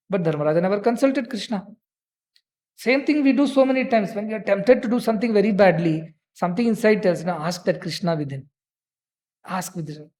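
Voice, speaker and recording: A man's voice: high-pitched, lively intonation, fairly quick, darkish tone. A man, a spiritual teacher giving a conversational discourse and telling stories with quoted dialogue.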